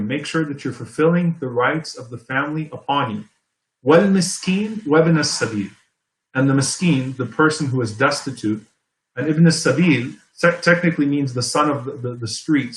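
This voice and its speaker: A man giving an Islamic sermon in a conversational, explanatory way, often checking in with "okay?" and "right?" and reciting Arabic verses quickly. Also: mid-range voice, a bit bright, roomy sound, poor audio. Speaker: Islamic preacher. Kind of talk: sermon lecture.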